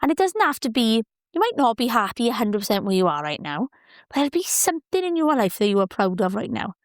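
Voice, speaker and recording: A woman's voice: on the high side, very animated, fast, dry recording, clean studio sound. A young woman hosting a motivational podcast, chatty and encouraging, cheering her listeners on. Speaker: podcast host.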